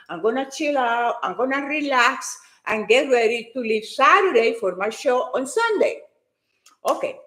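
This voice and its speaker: A woman telling a personal story with excitement, talking fast and restarting her sentences as she goes. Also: high-pitched. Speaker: fitness and motivation speaker. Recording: echoey room.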